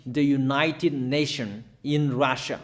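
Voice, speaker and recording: Slow, emphatic man proclaiming prophecies. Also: medium pitch, fairly even intonation. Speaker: preacher. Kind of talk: prophetic sermon declarations.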